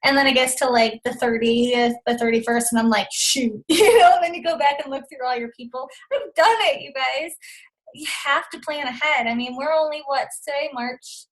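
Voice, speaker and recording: A woman in her thirties speaks as a coach on a team call, her voice sitting high. She talks in a chatty, upbeat way, leaning on fillers as she motivates her listeners. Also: normal speed, rough recording. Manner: chatty and upbeat, many fillers like "like" and "you know". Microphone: phone or conference call line.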